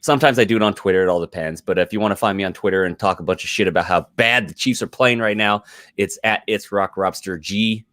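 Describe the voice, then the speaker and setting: A man's voice: on the low side, fast, fairly bright tone, no room sound, clean studio sound. A man guesting on a podcast, rambling and laughing at himself in casual banter. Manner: rambling, self-mocking, laughs often.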